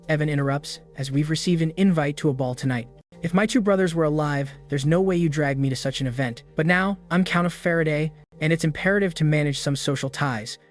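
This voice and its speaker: A man narrating a fantasy story in first person, in a steady scripted recap style. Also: on the high side. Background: background music.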